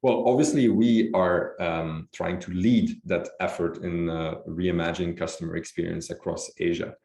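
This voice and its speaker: A man, a company executive, answering interview questions in a measured way with frequent fillers and restarts. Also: sits low, steady tone, creaky, a little mellow, roomy sound. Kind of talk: business interview.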